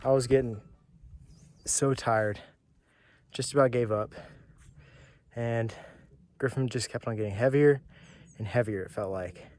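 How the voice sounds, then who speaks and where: A man's voice: mid-range voice, unhurried, long pauses, a little mellow, no room sound. A man vlogging outdoors on a mountain hike, earnest and plain-spoken, tired and out of breath from the climb. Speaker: travel vlogger. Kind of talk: casual hiking vlog.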